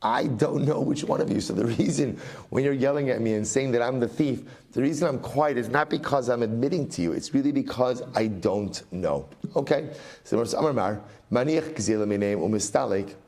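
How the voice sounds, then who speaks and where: A middle-aged man, a rabbi, giving a Talmud study lecture in an animated way, repeating phrases for emphasis and weaving in Aramaic and Hebrew. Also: mid-range voice, brisk.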